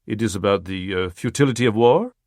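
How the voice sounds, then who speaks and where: A man's voice: on the low side, a little fast, darkish tone, dry recording, studio quality, close to an everyday voice. A man voicing an inquisitive male French newspaper reporter in an audiobook, asking questions hesitantly. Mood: curious.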